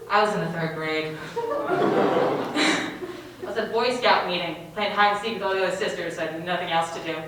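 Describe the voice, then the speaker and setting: A young woman telling a stand-up story on a small theater stage, animated and giggly. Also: on the low side, normal speed, long pauses, slight background noise. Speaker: comedian. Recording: echoey stage from far off.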